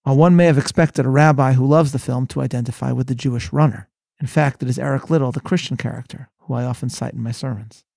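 A man, a rabbi, delivering a measured sermon-style lecture and reading quotations with dramatic emphasis. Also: medium pitch, steady tone, vocal fry, a little mellow, husky, no room sound.

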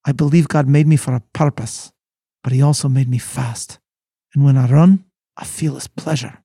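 Devout young scottish runner, earnest, gravelly low-bright voice a guy doing the accent. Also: fairly even intonation, moderate pace, no echo, studio quality. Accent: Scottish, put on.

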